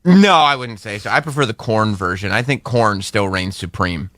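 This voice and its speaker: A man's voice: on the low side, normal speed, sharp tone, no room sound, clean studio sound. A man co-hosting a radio show, chatting casually and joking with a light laugh.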